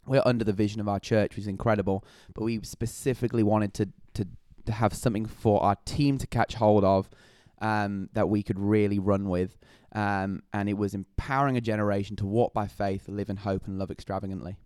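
Guest: British man, youth pastor, smooth voice, dry sound, jokey storyteller. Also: on the low side, little pitch movement, brisk, few pauses, a little mellow, no echo. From United Kingdom. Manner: jokey, laughs often, storytelling. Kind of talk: podcast conversation.

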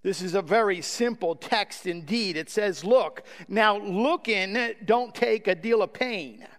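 A man's voice: high-pitched, measured pace, fairly bright tone. A man voicing a plain-spoken, homespun lay preacher who urgently pleads with his listeners. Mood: plain exhorting. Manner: urgent, repetitive exhortation. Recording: long hall reverb.

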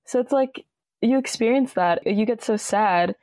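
A young woman talking casually and passionately as a podcast guest, with emphatic, expressive delivery. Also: a little high, unhurried, no room sound. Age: young adult. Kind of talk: casual conversation.

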